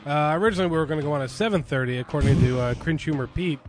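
A man's voice: on the high side, very fast. A man co-hosting a casual podcast chat, rambling through crude jokes. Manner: rambling, crude joking banter. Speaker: podcast co-host.

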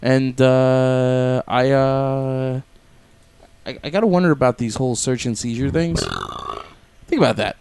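A man's voice: medium pitch, fairly even intonation, a little slow, pauses often, a little mellow, slight background noise. A man co-hosting a casual comedy podcast, telling a news story loosely with fillers and laughs. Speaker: podcast co-host. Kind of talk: casual chat.

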